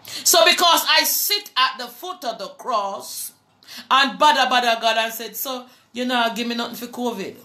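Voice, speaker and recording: A woman with a Jamaican accent preaching to a live online audience, slow and fervent, at times breaking into song. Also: fairly high pitch, bright, forceful tone, roomy sound.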